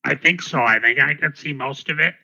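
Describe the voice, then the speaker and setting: Gravelly bright-voiced man playing a tabletop game. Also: medium pitch, fairly quick, low-quality recording. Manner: casual, laughs easily, drops into his character's voice. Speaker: player. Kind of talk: tabletop game play over voice chat.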